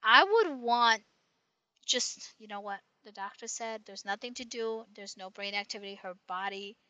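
A woman's voice: a little high, normal speed, pushed and bright, clear, resonant tone, dry recording. A woman in casual chat, telling a long rambling story full of restarts and tag questions.

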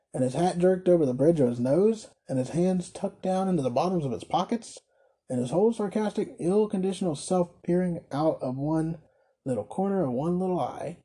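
A man reading a classic novel aloud as narrator, with a measured, slightly wry delivery. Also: on the high side, warm tone, slightly rough. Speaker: audiobook reader. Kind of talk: storybook narration.

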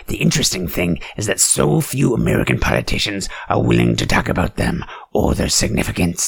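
A man reading a political text in a sarcastic deadpan, breaking into mock-outraged asides. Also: a little fast, vocal fry, hardly any pauses, breathy edge, no echo. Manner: deadpan reading broken by shrill outbursts. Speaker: satirical commentator.

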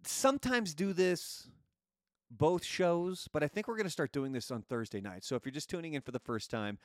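Chatty male talk-show host, fairly high. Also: normal speed, no room sound. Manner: chatty, jokey, energetic quiz-show delivery. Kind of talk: casual live-stream talk show.

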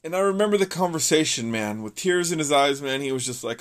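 A man's voice: fairly high pitch, lively intonation, fast, few pauses. A young man from California giving an earnest, rambling personal testimony, full of restarts and fillers.

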